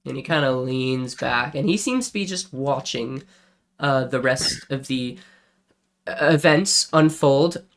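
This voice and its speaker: A man's voice: mid-range voice, a little slow, fairly bright tone, slight background noise. A man narrating as game master for a tabletop role-playing game, describing scenes casually with frequent fillers.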